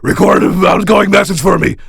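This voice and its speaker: A whiny, demanding cartoon fan, who sounds bratty, pleading and shouty. His voice is rough and raspy with a gravelly edge. The sound is close and dry. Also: a little high, expressive, normal speed, no echo, heavily acted. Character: whiny, demanding male coffee-shop fan. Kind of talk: cartoon voice acting.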